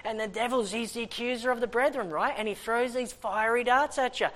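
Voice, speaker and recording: A man preaching a sermon and reading scripture, telling personal stories with lots of restarts. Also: very high-pitched. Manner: animated storytelling with many restarts; reads scripture in a raised, deliberate voice. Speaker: preacher and schoolteacher.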